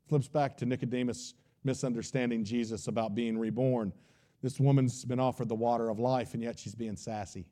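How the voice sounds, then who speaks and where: A man's voice: mid-range voice, steady tone, brisk, dark tone. A man preaching a sermon, retelling a Bible story in a folksy, conversational way.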